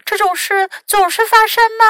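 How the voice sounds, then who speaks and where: A woman's voice: extremely high pitch, steady tone, moderate pace, no echo, studio quality, pitched above the performer's own voice. Country Mouse, a woman doing a timid little mouse. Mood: frightened. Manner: soft, wondering, easily frightened. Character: timid, wide-eyed female country mouse.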